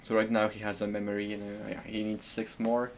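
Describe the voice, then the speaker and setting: A man's voice: on the low side, monotone, fairly quick, a little hiss or hum. A man with a French accent giving gameplay commentary, thinking aloud and murmuring to himself while he decides. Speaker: streamer.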